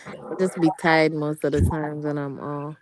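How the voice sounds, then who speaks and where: A young woman guest on an online panel chat, soft-spoken and giggling often. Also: deep voice, little pitch movement, moderate pace, no room sound, poor audio. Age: young adult.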